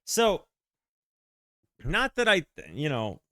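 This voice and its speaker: Animated jokey man reacting to songs. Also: a little high, takes it slowly, no echo. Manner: animated, jokey, rambling with restarts. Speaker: music reaction host. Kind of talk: casual reaction chat.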